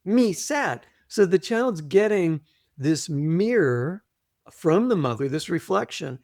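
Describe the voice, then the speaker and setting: A man guesting on an interview podcast, explaining things deliberately, repeating his points and often clearing his throat. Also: a little high, expressive, a little mellow, no echo, studio quality. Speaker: guest, trauma author. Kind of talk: conversational interview, teaching.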